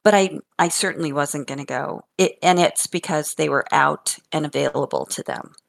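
An older woman chatting casually and telling funny stories about her grandchildren, animated and often laughing and repeating words. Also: deep voice, moderate pace, vocal fry. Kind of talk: casual chat.

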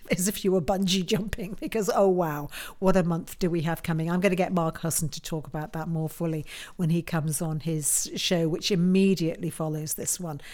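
A woman with a croaky voice after a flu, hosting a tarot and astrology live stream in a chatty, self-mocking way, often laughing at herself. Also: on the low side, fairly even intonation, moderate pace, darkish tone. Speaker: host of a tarot and astrology show. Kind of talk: casual live-stream chat.

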